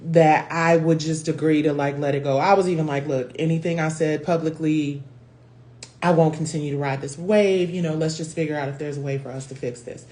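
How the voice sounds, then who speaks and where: Low-voiced candid woman, casual. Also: fairly even intonation, brisk, dark tone. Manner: candid, emotional, swears casually, addresses viewers as y'all. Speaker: host. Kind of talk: casual livestream talk. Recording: faint background noise.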